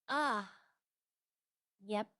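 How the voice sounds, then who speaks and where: A woman's voice: medium pitch, sharp tone, dry recording, clean studio sound. A young woman streaming a roleplay game, chatting casually to herself as she browses and lists things she sees. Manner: muses aloud, listing items as she browses.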